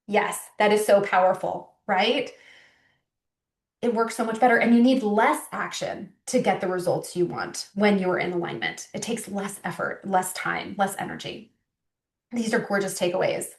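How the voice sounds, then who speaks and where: A middle-aged woman coach hosting a live online workshop, warm, effusive and grateful as she wraps up, speaking over a video call. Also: medium pitch. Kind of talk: live webinar wrap-up. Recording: roomy sound, distant from the mic.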